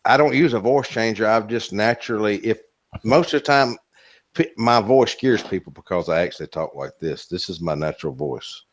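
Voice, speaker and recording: A Southern man with a fairly low voice, talking easily on a live stream. His drawl is loose and joking, with a casual curse thrown in here and there. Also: lively intonation, normal speed.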